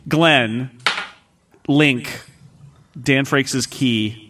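A man hosting a casual podcast chat over a video call, relaxed as he wraps up the show. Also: medium pitch, drawn-out words. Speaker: podcast host. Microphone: headset or desk mic on a video call.

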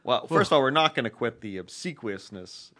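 A man's voice: mid-range voice, expressive, brisk, bright, forceful tone. A man co-hosting a podcast, chatting casually and teasing the others. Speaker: podcast co-host. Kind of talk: casual chat.

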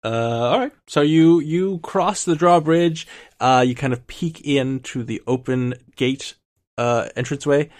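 A man as game master, narrating a tabletop game in a relaxed, halting way. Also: fairly high pitch.

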